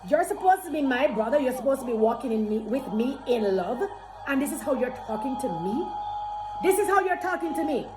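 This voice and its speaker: A woman voicing a humble young shepherd, hurt but calm. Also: high-pitched, fairly quick, music in the background, low-quality recording.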